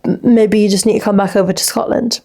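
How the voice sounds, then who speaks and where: A woman's voice: mid-range voice, fairly even intonation, quick pace, creaky, dark tone. A young woman from England, hosting a podcast in casual, chatty talk and giving frank advice. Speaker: podcast host reading listener messages. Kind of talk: casual chat.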